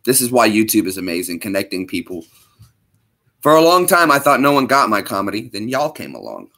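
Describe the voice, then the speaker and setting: Guy rambling on his livestream, jokey, laughs at his own bits, bright lively voice. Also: lowish voice, brisk. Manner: rambling, self-amused jokester. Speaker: livestream host. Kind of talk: casual joking stream chat.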